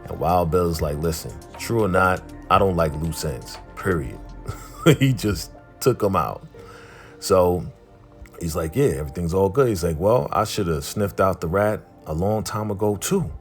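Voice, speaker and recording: A man casually recapping a TV episode, retelling scenes in a lively way and acting out the characters' lines. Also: deep voice, moderate pace, faint music behind. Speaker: TV recap host.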